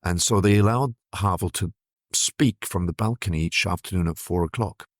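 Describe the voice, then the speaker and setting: Older male journalist guest, very low voice, dry close sound, reflective storyteller. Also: moderate pace, no room sound. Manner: thoughtful, vivid recollection with hesitant restarts.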